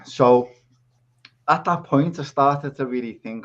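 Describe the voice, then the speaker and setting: On dull lo-fi audio, a man from England with a Scouse accent talks at normal speed in a low, steady voice. He's a guest on a podcast via video call, casually rambling through his story.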